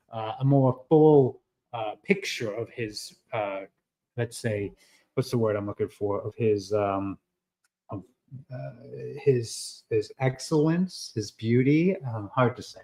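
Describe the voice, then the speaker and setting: A man hosting a casual live stream, talking in an animated way with many fillers and restarts. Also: mid-range voice, measured pace, poor audio. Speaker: livestream host.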